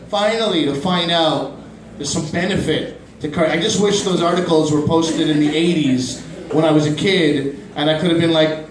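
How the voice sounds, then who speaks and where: A man in his thirties doing a stand-up comedy set in a small club, animated and quick to jump into high-pitched voices for his bits. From Pakistani family, grew up in Canada. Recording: roomy club from a distant mic.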